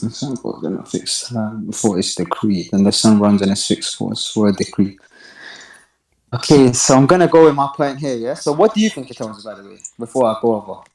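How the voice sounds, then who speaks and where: A man calling into a live online debate, asking calm questions and reading out a text. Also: lowish voice, brisk, few pauses. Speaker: caller. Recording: roomy echo.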